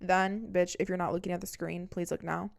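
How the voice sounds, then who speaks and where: A young woman in her twenties tells a messy breakup story on her vlog. She swears freely and performs each moment with animated, dramatic flair. Her delivery is brash and conversational, like gossip shared with a friend. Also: on the low side, fairly quick, vocal fry. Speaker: vlogger.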